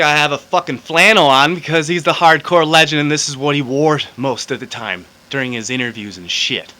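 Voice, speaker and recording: A man tells a story straight to his camera in a loose, rambling way, swearing and drifting into side remarks. His voice is bright and a little tense, sitting at an ordinary middle pitch. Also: a little hiss or hum, rough recording. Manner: rambling, swears freely, trails off into asides. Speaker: vlogger telling a story.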